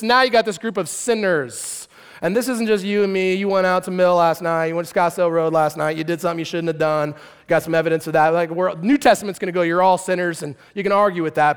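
A man preaching a lively, conversational sermon and acting out characters with shouts and asides. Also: a little high. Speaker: pastor. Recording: long hall reverb.

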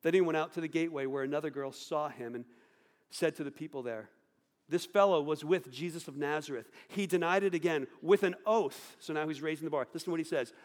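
A man preaching a sermon, swinging between loud outbursts and hushed, low delivery. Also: fast talker. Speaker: pastor. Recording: long hall reverb.

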